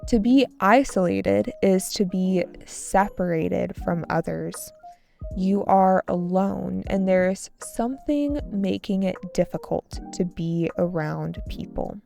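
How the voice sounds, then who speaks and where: A woman telling a story as an English lesson, slowly repeating and explaining vocabulary words for pronunciation. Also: lowish voice, vocal fry, mellow, faint music behind. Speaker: English teacher.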